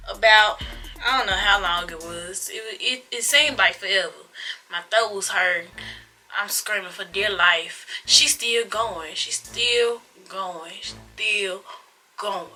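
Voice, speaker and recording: A woman's voice: mid-range voice, pushed and bright, poor audio. A young woman vlogger dramatically retelling a personal story in casual slang, acting out sound effects, recorded on a phone camera. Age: young adult. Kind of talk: storytime vlog.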